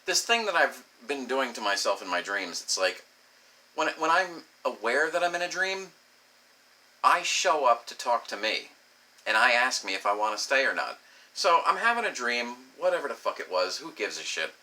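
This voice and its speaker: A young man with a very bright, forward tone spins a profane comic story alone. His pitch swoops around a lot as he plays every part in his quotes himself. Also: normal speed. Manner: animated, profane, acts out voices in quotes. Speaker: comedic storyteller. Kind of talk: crude comedic monologue.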